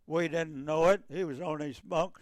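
An older man, a navy veteran, recounting wartime memories in a halting, repetitive way with many restarts. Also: fairly high pitch, fairly even intonation, no room sound.

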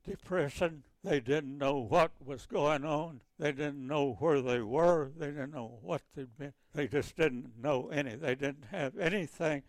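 An older man, a navy veteran, recounting wartime memories in a halting, repetitive way with many restarts. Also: on the high side, no room sound.

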